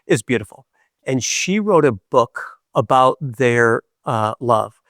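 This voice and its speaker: A man hosting a podcast, telling reflective spiritual stories in an animated, playful way with many hesitations. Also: medium pitch, takes it slowly, no echo, studio quality. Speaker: podcast host.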